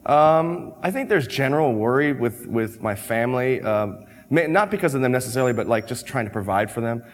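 A man's voice: medium pitch, expressive, brisk, in a large hall. Easygoing man, youth pastor. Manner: easygoing, self-deprecating, laughs often. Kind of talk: casual panel chat.

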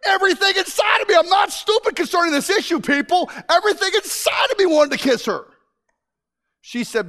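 A man preaching a sermon to a congregation. He jokes, bursts into shouts, and drops to hushed asides. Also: extremely high pitch, brisk. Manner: animated and joking, with sudden shouts and hushed asides.

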